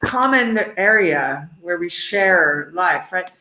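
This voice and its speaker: A woman's voice: on the low side, lively intonation, takes it slowly, bright, forceful tone. A woman with an American accent teaching an online English lesson, playful and full of praise for her students. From United States. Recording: roomy echo.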